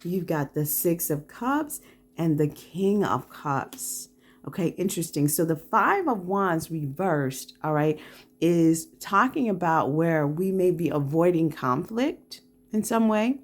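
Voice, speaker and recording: A woman giving a calm, reflective pick-a-card tarot reading, often checking in with the listener with a soft "right?". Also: fairly low pitch, slow pace. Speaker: tarot reader hosting a channel.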